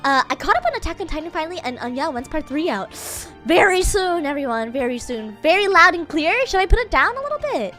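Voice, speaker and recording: Bubbly high-voiced young woman streamer. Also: very animated, quick pace, few pauses, bright, forceful tone, soft background music. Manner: bubbly and giggly, thanking viewers. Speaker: VTuber streamer. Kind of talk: casual live-stream chat.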